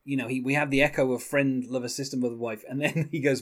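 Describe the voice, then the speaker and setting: A man in casual talk about a song, rambling with many fillers and reading lyrics in a soft, lowered voice. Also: steady tone, fast talker. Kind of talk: casual music discussion.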